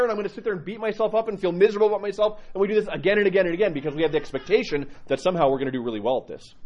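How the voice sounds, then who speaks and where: A man preaching a conversational sermon as an Orthodox priest, telling stories and acting out quoted lines with animated swings. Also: highs cut off. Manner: animated storytelling, acts out quotes with rising pitch.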